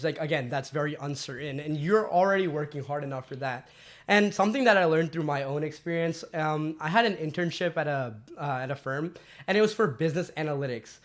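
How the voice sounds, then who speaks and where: A man's voice: a little high, fairly bright tone. A teenage boy hosting a student podcast, asking questions in a hesitant, filler-heavy way. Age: teens. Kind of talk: casual podcast chat.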